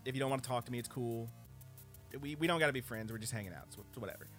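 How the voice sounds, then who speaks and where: A man voicing a pretty teenage girl who reassures softly, trailing off, in nearly his own voice. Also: medium pitch, very fast, soft background music, lightly acted. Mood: reassuring.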